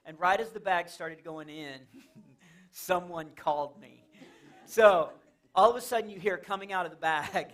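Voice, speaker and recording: Speaking at a measured pace, a man whose voice sits high and sounds fairly bright does stand-up in a church. Before a laughing audience, he acts out characters, tells stories with energy, and laughs at his own punchlines.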